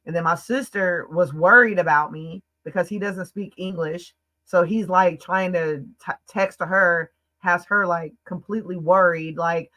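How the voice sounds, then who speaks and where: A woman from the United States recounts a personal story on a podcast. Her voice is bright and forceful, with casual, emphatic, run-on phrasing full of "like" fillers. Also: lowish voice, fairly even intonation, rough recording. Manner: emphatic, fast-flowing, frequent "like" fillers. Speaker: podcast guest.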